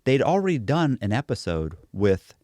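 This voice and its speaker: A man's voice: mid-range voice, sing-song, moderate pace, a little mellow, no room sound, studio quality. A man as an interview guest, telling his story in blunt, slangy casual chat, full of restarts and self-mockery.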